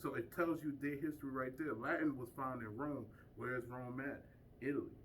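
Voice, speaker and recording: A man's voice: mid-range voice, steady tone, brisk, distant mic, a little hiss or hum, poor audio. A man giving an informal lecture to a small group, emphatic and full of rhetorical questions. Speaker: community speaker teaching a group.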